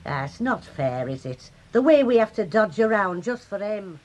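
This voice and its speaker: An actress playing a weary, sharp-tongued middle-aged mother from Liverpool, in a radio drama. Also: mid-range voice, very animated, moderate pace. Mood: weary, scolding. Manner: sharp, nagging, placating.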